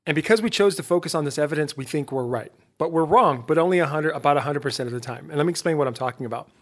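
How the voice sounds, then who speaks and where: A middle-aged man hosting his own podcast, giving a lively motivational talk straight to his listeners, full of rhetorical questions and self-interruptions. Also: on the high side, rapid-fire. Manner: self-interrupting, laughs at himself. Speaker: podcast host.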